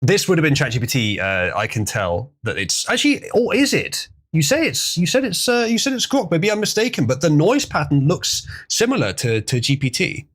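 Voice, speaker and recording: A man's voice: a little high, sing-song, moderate pace, few pauses, a bit bright. A man hosting a casual livestream, chatting loosely with chuckles as he reads out viewer donations. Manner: rambling, chuckling, reading out donations. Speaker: livestream host.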